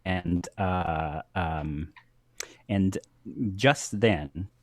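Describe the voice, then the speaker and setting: A man narrating as game master of a tabletop game, halting with many pauses and fillers. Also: low voice. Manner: halting, many ums and uhs, laughs often.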